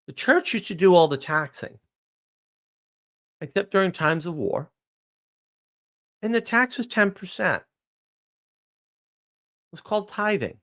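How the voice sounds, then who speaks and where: A man delivers a blunt, ranting live stream monologue, asking questions and answering them himself. His pitch swoops widely up and down as he talks. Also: very animated, unhurried, long pauses, fairly bright tone.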